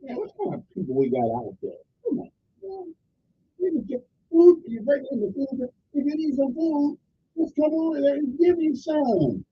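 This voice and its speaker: A man's voice: very high voice, sing-song, moderate pace, lo-fi sound. A man hosting a radio talk show, rambling and opinionated in a folksy way, with many restarts. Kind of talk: casual call-in radio commentary.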